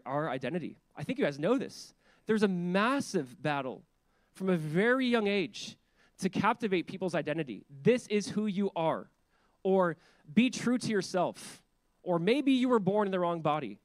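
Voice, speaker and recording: Pastor guy preaching, chatty and lively, slightly high voice, dry close sound. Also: no room sound, rough recording. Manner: conversational and animated, acting out quoted voices. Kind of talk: sermon. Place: church hall.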